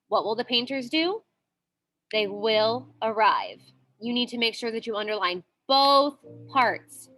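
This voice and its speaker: Her voice a little high and a bit bright, a woman takes a class through grammar, patient and repetitive. She checks in with the students often, punctuating with "okay?"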